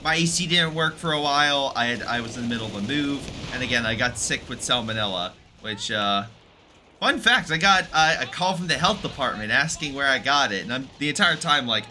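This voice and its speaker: Bright-voiced chatty male game commentator. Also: mid-range voice, animated, brisk, slight background noise. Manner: chatty, rambling, with frequent fillers and self-corrections. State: recovering from illness.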